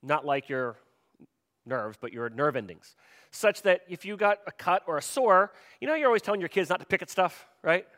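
A male pastor preaching with a pitch a little above the usual. His delivery is chatty and informal, and he keeps checking in with his listeners as he goes. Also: lively intonation, normal speed, a bit bright. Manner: conversational, asks the congregation questions. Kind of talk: sermon.

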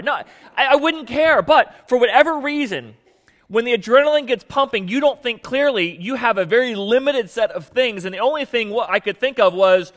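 A man's voice: very high-pitched, animated, moderate pace, in a large hall. A man preaching a sermon and telling a funny personal story in a conversational, self-mocking way with many fillers. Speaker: pastor.

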